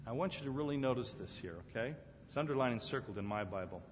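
A man preaching a sermon in a church, emphatic, repeating key phrases and swinging from loud to hushed. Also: medium pitch, lively intonation, fast talker, slight background noise. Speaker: pastor. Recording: echoey church hall, dull lo-fi sound.

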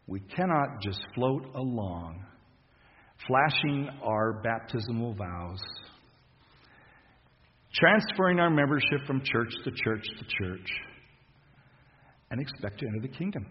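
A man preaching a sermon in a conversational, halting way, restarting phrases and laughing softly. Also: medium pitch, lively intonation, big-room sound, highs cut off.

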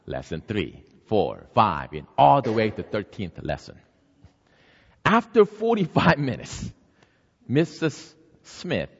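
Animated male preacher telling a story. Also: on the low side. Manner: lively storytelling, acts out the characters. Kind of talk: storytelling sermon. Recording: dull sound, long hall reverb.

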